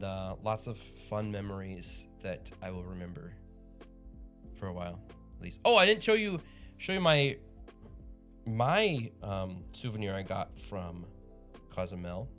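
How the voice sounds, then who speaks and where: A man's voice: lowish voice, very animated, measured pace, pauses often, a bit bright, soft background music. A man hosting a livestream in casual chat, rambling and upbeat with frequent chuckles. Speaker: livestream host.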